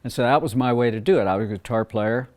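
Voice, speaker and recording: An older man from Mississippi, a record producer, talking in a relaxed, rambling way and acting out quoted dialogue. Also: medium pitch, fast. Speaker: record producer and former session guitarist. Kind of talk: casual interview storytelling.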